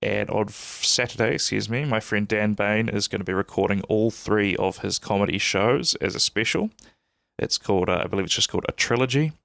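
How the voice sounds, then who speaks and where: A man, stuffy from a cold, hosting a podcast in a relaxed, rambling way. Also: fairly low pitch, brisk, vocal fry, dry recording. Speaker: podcast host. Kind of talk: casual solo intro.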